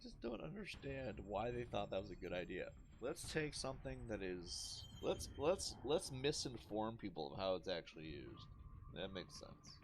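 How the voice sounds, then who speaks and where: Profane, animated young man ranting over gameplay. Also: fairly low pitch, moderate pace, a little hiss or hum. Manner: profane, mocking rants with loud outbursts and laughter. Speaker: gaming channel host. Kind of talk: let's play commentary.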